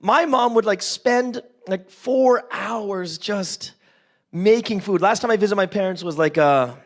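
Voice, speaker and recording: A man's voice: sits high, unhurried. A man from Canada preaching a casual, joking sermon, often asking the congregation questions. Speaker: pastor.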